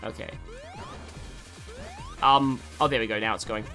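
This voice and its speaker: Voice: mid-range voice, fairly even intonation, measured pace, pushed and bright, faint music behind. An Australian streamer giving casual, rambling commentary on a game, self-deprecating and full of fillers.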